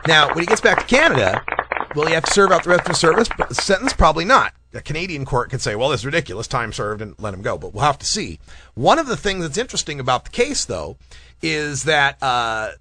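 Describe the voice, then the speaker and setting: Lively, bright-voiced talk show host. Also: male voice, on the high side, brisk, a little hiss or hum. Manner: rambling, jokey, laughs often. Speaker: podcast host. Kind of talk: casual talk radio chat.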